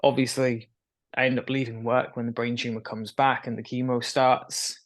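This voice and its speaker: At a moderate pace and in a level, mid-range voice, a young man recounts his story openly during a candid conversational interview. Occasional nervous laughs punctuate what he says.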